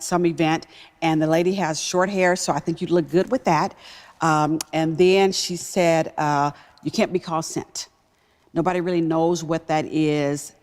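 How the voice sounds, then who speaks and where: Low-voiced woman telling a story. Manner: emphatic, animated storytelling. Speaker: guest, business executive. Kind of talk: personal storytelling.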